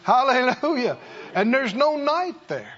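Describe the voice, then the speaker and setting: A man's voice: very high voice, big pitch swings, unhurried, a bit bright, lo-fi sound. A man preaching a sermon in a church, with emphatic, repetitive call-and-response delivery. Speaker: pastor.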